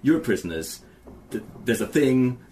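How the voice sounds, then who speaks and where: A man narrating as game master, describing the action in a relaxed, rambling way with many fillers. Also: mid-range voice, a little slow. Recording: noisy background.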